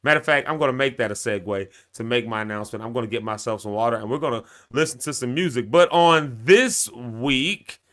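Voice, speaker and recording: Animated, bright-voiced male live-stream host. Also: medium pitch, fairly quick, few pauses. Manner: animated, laughing, talks straight to viewers. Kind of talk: casual live-stream monologue.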